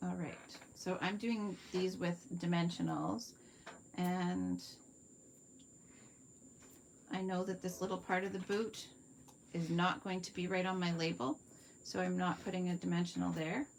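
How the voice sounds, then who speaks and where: Canadian woman on a live craft demo, lower voice, chatty, faint hiss behind her. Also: steady tone, normal speed, vocal fry. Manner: chatty, talks viewers through each step while working; reads out and answers viewer comments. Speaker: card-making demonstrator. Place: home craft workspace.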